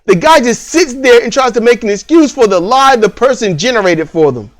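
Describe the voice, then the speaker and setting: A man with a high, very lively voice that leaps up and down as he rants. He co-hosts a casual review chat and talks in a blunt, profane way, often breaking into laughs. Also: brisk. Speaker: podcast co-host reviewing a TV series.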